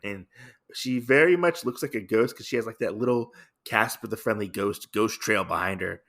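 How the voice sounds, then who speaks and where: A man hosting his podcast, recapping a comic in a relaxed, casual way with many filler sounds. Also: lowish voice, normal speed. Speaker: podcast host.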